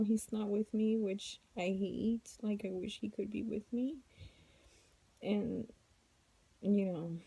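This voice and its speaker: A woman's voice: mid-range voice, mellow, slightly rough, poor audio. A tired, heavily pregnant woman at home, chatting casually to her viewers in a rambling, weary, venting way. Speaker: vlogger. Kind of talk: casual chat to camera.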